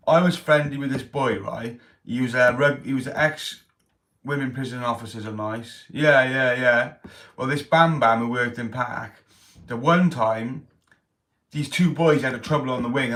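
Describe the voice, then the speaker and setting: A man's voice: medium pitch, fairly bright tone. A man hosting a casual livestream, reading out chat comments and telling stories in street slang. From Wales. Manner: chatty, street slang, reads chat aloud. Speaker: livestream host.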